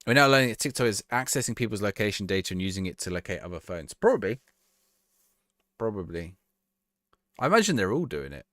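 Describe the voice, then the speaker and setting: A man's voice: fairly low pitch, sing-song, quick pace, pauses often, fairly bright tone, no echo, studio quality. Chatty man live-streaming. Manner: chatty, laughing, reacting to the match. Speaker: livestreamer. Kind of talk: casual live-stream chat.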